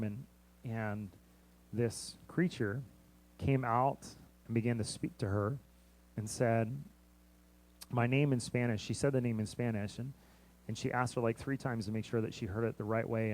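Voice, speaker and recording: A man, a missionary preacher, telling a long story in a sermon, often repeating words and restarting, lively when he quotes others. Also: medium pitch. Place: church sanctuary.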